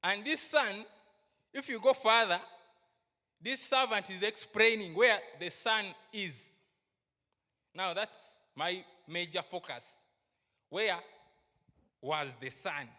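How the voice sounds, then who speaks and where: A woman preaching a sermon to a congregation, slow and emphatic, asking her listeners questions. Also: mid-range voice, sharp tone, big-room sound. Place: church hall.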